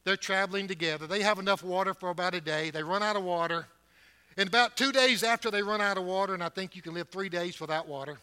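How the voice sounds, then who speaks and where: A man preaches in a church building, surging up loud and then dropping low, speeding up and slowing down for emphasis. His voice sits high for a man and has a strikingly bright, sharp edge. It is a sermon delivery, direct and urgent toward the congregation. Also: clean tone. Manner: emphatic preaching with wide swings in loudness and pace.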